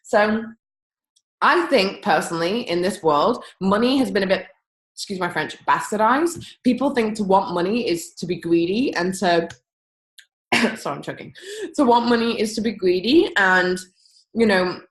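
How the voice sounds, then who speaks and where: Upbeat chatty woman pitching in an echoey room. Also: expressive, normal speed. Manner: chatty and upbeat, big leaps in pitch, playful asides. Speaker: business team presenter on a group call. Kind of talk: animated sales pitch to a call audience. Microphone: computer or phone on a call.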